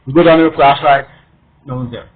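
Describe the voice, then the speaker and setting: A man's voice: mid-range voice, fairly even intonation, quick pace. A man casually telling a rambling, emphatic first-person story from his studio apartment. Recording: tinny phone-like sound.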